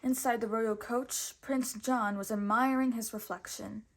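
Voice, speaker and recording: A woman teacher reads a storybook aloud at a slow, careful pace. Her voice sits a bit high, and she gives each sentence room. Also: fairly even intonation.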